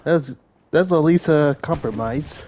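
A man's voice: a little high, unhurried, a little mellow, slight background noise. A man hosting a casual gaming session, teasing his squad and laughing often. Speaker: gamer host.

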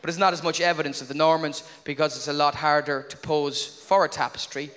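An Irish man doing a stand-up comedy routine, telling wry stories at a quick clip and acting out little asides, with audience laughter behind him. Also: on the high side, level tone, in a large hall. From Ireland. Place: live comedy venue with audience. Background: audience laughter and room noise.

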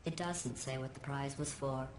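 A woman voicing a cold, sarcastic female computer overseer in a video game, with deadpan, cutting remarks. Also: extremely low pitch, moderate pace, a little hiss or hum. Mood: sardonic. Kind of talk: game dialogue.

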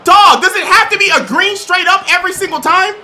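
Loud exasperated young male streamer. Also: very high-pitched, fairly quick, very noisy. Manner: loud, cursing, exasperated, often shouting. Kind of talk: live gameplay stream. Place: home streaming setup.

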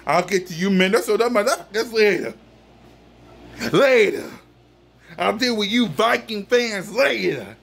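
A man's voice: sits high, lively intonation, unhurried, vocal fry, pauses often, fairly bright tone, slightly rough. A man delivering a boisterous, trash-talking postgame rant as a sports fan, hollering and chanting the same lines over and over. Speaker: sports fan ranting after a game.

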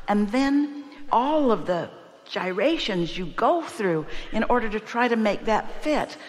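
A woman at mid pitch teaches spiritual ideas to a seminar crowd, speaking as "we" and circling back to her points with emphatic repetition. Her voice carries a long reverb tail from a large hall. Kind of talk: spiritual teaching to a live audience.

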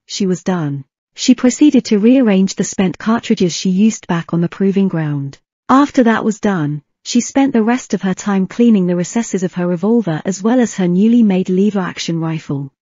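A woman narrating a fan fiction audiobook with a steady reading pace and an occasional slip. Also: medium pitch, normal speed, no echo, lo-fi sound.

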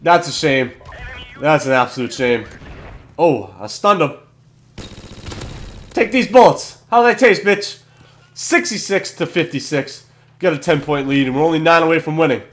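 A young man hosting a gaming channel, giving excitable commentary over his match, swearing and yelling at kills. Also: fairly high pitch, moderate pace, pauses often. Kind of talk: gameplay commentary.

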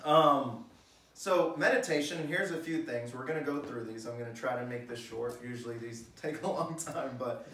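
A pastor with a medium-pitched, slightly bright voice preaches a sermon at a normal speed in a church hall. He keeps it conversational, putting questions to his listeners and reading scripture aloud. The room is echoey and the mic sits at a distance.

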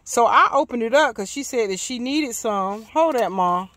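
A woman with a Southern US accent chatting casually to her viewers in a DIY vlog, folksy and quick to get riled up. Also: fairly high pitch, lively intonation, a bit bright, dry recording. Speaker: DIY vlogger.

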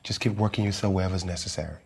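An actor playing a visiting film actor who calmly encourages a young woman, dropping casual slang. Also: low-pitched, rapid-fire, vocal fry, a little hiss or hum. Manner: calm, reassuring, casual American-style slang. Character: famous male actor visiting, encouraging mentor. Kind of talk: comedy series acting.

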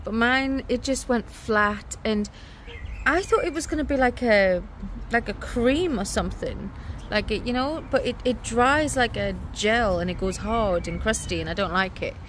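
A woman's voice: on the high side, moderate pace, fairly bright tone, slight background noise. A woman vlogging in her garden, chatting casually and laughing often. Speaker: vlogger and mother. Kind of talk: casual chat to camera. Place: outdoors in a garden.

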